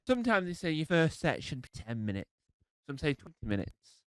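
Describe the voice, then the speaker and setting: A man's voice: on the high side, very animated, fairly quick, clean tone, no echo, poor audio. A man with a cold doing a rambling, self-deprecating live stand-up set. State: has a cold. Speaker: stand-up comedian.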